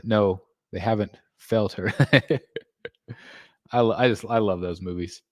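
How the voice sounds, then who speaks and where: A man's voice: measured pace, long pauses, no room sound, studio quality. Chatty man hosting a live stream. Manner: chatty, reads viewer comments aloud and thanks members; excitable, jumps in pitch when greeting members. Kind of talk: casual live stream chat. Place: home room.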